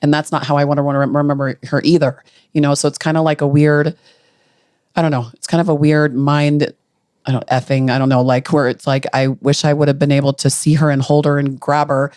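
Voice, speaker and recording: A middle-aged woman, a grieving mother, recalling a painful day in halting, earnest speech with frequent restarts. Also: sits low, flat delivery, darkish tone, dry recording, clean studio sound. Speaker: grieving mother, podcast guest. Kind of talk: emotional personal recollection.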